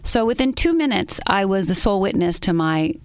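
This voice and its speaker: A woman interview guest telling her personal story in an earnest, halting way, with many pauses. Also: medium pitch, lively intonation, smooth, dry recording, studio quality.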